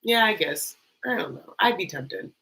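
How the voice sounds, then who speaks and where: A woman's voice: on the low side, animated, moderate pace, gravelly, bright, forceful tone, low-quality recording. A woman hosting a live reality-TV reaction, chatty and sarcastic with lots of rambling asides. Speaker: YouTube host.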